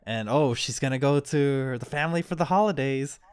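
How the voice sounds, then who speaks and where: A man's voice: medium pitch, fairly quick, smooth, dry recording. A man co-hosting a casual podcast, rambling through a story, laughing often and acting out the quoted lines. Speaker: podcast co-host. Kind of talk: casual chat.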